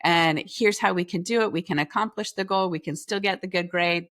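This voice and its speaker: A woman guest on an interview show, telling a personal story in a lively way and acting out the dialogue. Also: fairly low pitch, brisk, no room sound, clean studio sound. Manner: talks through restarts and filler phrases. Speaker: podcast guest, leadership coach.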